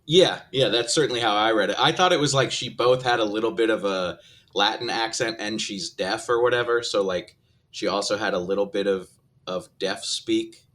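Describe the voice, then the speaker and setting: Man, lowish voice, podcast guest, film chat, thoughtful, hedging. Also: moderate pace, fairly bright tone. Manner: hedging, thoughtful, many fillers. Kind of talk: casual film discussion.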